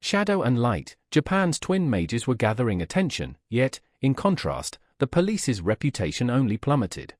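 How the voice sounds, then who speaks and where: A man's voice: medium pitch, huge pitch swings, moderate pace, few pauses, no room sound, clean studio sound. A man reading a scripted recap of a comic story in a matter-of-fact way. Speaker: recap narrator.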